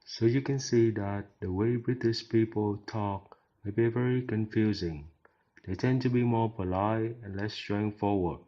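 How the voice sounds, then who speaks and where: A man reading a measured explanation as a student presenter for a class project. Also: fairly low pitch, fairly even intonation, dark tone. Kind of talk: read narration for a class project. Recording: dull lo-fi sound.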